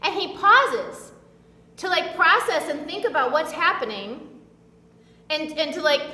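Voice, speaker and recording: A woman's voice: very high voice, animated, a little slow, bright, forceful tone, reverberant, long reverb tail, recorded from a distance. A woman preaching a casual sermon in a chatty, filler-heavy way, acting out the voices she quotes. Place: church.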